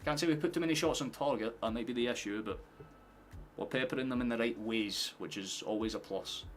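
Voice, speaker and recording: Over a faint hiss or hum, a young Scot reacts live to a football game, talking to his viewers and cursing often. He speaks a little fast in a mid-range voice and bursts into shouting whenever there's a goal.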